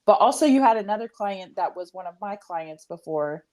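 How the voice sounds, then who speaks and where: A woman's voice: mid-range voice, lively intonation, moderate pace, a little mellow. A woman who works as a doula, chatting on a podcast and often murmuring in agreement. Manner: supportive listener, frequent murmured agreement. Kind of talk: casual chat.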